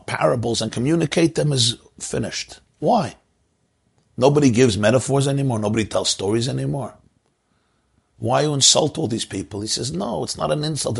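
A man's voice: mid-range voice, vocal fry, breathy edge. A man teaching a Torah lecture, a rabbi who tells stories, chuckles often and repeats his key phrases.

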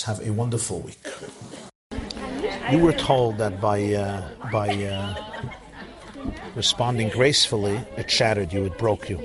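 A man, a rabbi, giving a storytelling sermon, animated and swooping up to shouted cries as he acts out scenes. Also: fairly low pitch, moderate pace.

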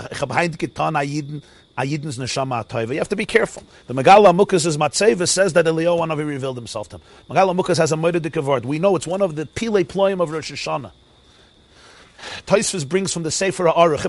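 A man giving an animated, sing-song Torah lecture. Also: on the high side, no room sound. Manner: animated, sing-song preaching with Yiddish and Hebrew terms. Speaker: rabbi teaching a Torah class.

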